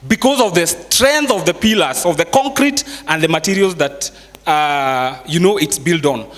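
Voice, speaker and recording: A man's voice: on the high side, fairly bright tone. Kenyan man speaking in an echoey hall. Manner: conversational, quizzes the audience, mixes in Swahili phrases. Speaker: seminar speaker. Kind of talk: live motivational finance talk. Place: large hall with a live audience. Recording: echoey hall with long reverb.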